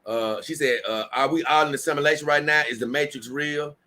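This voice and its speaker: A man's voice: fairly high pitch, fairly even intonation, fairly quick, bright, forceful tone. A tired man hosting a casual livestream, reading viewer comments aloud and rambling with many restarts. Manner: rambling, repeats himself and restarts often. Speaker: livestream host.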